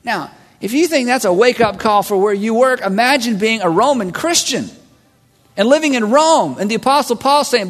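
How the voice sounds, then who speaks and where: A man preaching a sermon as a pastor, animated and acting out voices of listeners and God. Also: extremely high pitch, moderate pace. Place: large church hall. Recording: long hall reverb.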